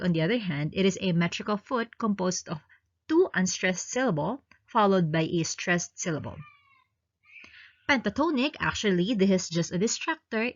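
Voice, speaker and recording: A woman with a Filipino accent reads exam review questions and explains each answer choice. Her voice sits low and a little husky, and her pitch rises and falls a lot as she teaches. The recording sounds dull and lo-fi. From Philippines.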